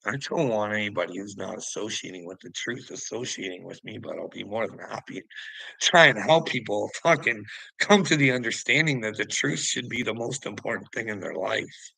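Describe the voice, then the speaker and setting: A man's voice: lowish voice, lively intonation, fairly quick, creaky, sharp tone, breathy edge, no room sound, low-quality recording. A man delivering an angry, scornful monologue that is heavy on swearing, calling out people online. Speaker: online commentator. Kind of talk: profane ranting monologue.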